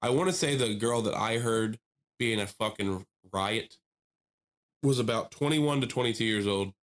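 Here a man of mid-range pitch and moderate pace co-hosts a relaxed podcast. Telling a lengthy tale, he laughs a lot and performs the characters' voices with animation.

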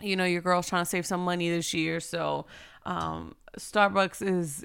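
A woman's voice: on the low side, fairly even intonation, unhurried, creaky, fairly bright tone, clean tone. A woman in her thirties hosting her own podcast from home, chatting in a bubbly, rambling way. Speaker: podcast host. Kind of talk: casual chat.

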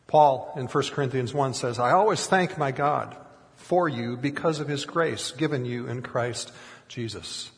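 Animated male pastor in a reverberant hall. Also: mid-range voice, a little slow. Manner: animated storytelling with acted-out quotes. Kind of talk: sermon.

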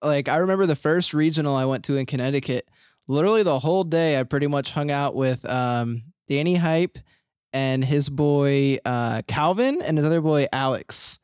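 A man's voice: a little high, moderate pace, smooth, no room sound, clean studio sound. Upbeat young man. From Philadelphia area, USA. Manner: animated storyteller, laughs often, lots of fillers. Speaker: podcast host. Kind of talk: casual chat.

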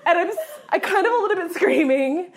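Speaking in a very high voice at a brisk pace, a guest hunter recounts a story during a conversation, animated and laughing a lot while acting out how she reacted.

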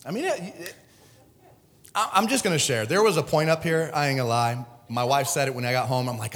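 A middle-aged man preaching a sermon at the pulpit, emotional, swinging from shouts to hushed asides. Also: medium pitch, brisk, long reverb tail. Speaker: pastor. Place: church sanctuary.

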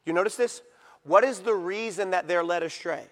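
A man preaching a sermon with fervent emphasis, swinging between loud declarations and low, drawn-out phrases. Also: long reverb tail.

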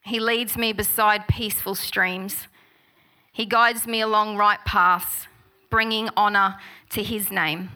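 A middle-aged woman preaching a sermon, telling personal stories and reading scripture slowly. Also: mid-range voice. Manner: warm, personal storytelling with gentle laughs; slow, unhurried reading of scripture.

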